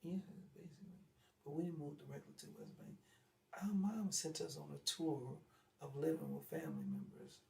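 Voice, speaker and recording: A man speaking as an interview guest, telling a childhood story in an animated way that turns loud when he gets worked up. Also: on the high side, brisk, gravelly. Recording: echoey room, far from mic, faint ambience.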